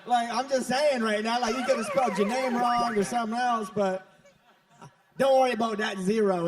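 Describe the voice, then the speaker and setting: A man's voice: very high voice, steady tone, moderate pace. A man emceeing a live event, playful and hyping the audience as he calls people up. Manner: hype, playful, calls to the crowd. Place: large event room with an audience. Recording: distant mic with crowd noise.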